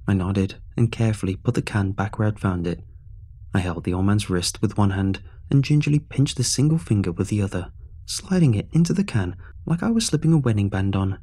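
A man reads a horror story aloud in a steady, measured voice. His tone is low and mellow, with a husky grain. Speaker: narrator. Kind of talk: scripted horror story narration.

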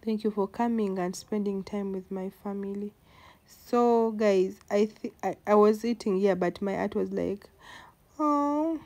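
A woman's voice: medium pitch, mellow. A woman, talking to the camera in a casual vlog, heartfelt and emotional, repeating words for emphasis. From Uganda. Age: 20s. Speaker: vlogger.

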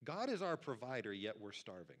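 A male pastor preaching a sermon to a church congregation in a lively, conversational way, talking directly to the people in the pews. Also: medium pitch, fairly quick. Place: church sanctuary.

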